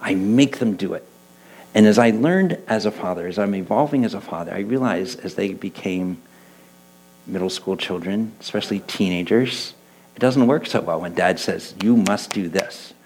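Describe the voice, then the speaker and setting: A middle-aged man and church elder preaching a conversational sermon, telling stories with lively quoted voices. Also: on the low side, moderate pace, husky, low-quality recording. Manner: animated storytelling, voicing quoted people. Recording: mains hum in the background.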